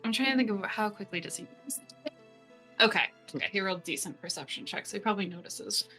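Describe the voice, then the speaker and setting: Bright-voiced woman game master. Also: mid-range voice, expressive, quick pace, soft background music. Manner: loose and chatty, lots of fillers. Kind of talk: casual tabletop game narration. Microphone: online call mic.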